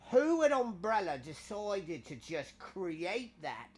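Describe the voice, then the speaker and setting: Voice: medium pitch, sing-song. A streamer doing a put-on British accent, rambling in mock outrage with heavy slang over live gameplay. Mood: mock-outraged. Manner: over-the-top slang, drawn-out indignant rambling. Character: exaggerated slangy Brit, adult, dramatic and mock-outraged.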